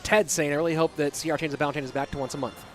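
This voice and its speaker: There is a little hiss or hum behind this man's racing, fairly bright voice, which sits on the high side with fairly even intonation. He casts and hosts a live esports stream, keeping up casual chat and answering viewers' questions between plays.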